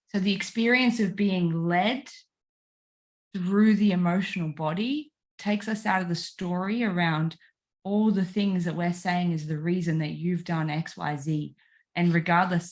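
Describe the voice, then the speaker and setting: A woman talking earnestly and reflectively about relationships, repeating phrases for emphasis. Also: fairly low pitch. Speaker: guest.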